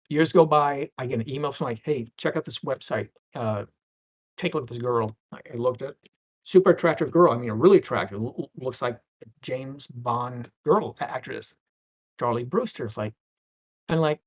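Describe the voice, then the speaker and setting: A man's voice: mid-range voice, fairly quick, breathy edge. Rambling man telling stories, dull lo-fi sound. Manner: rambling, animated storytelling with stammers and acted quotes. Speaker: interview guest. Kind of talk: casual interview talk.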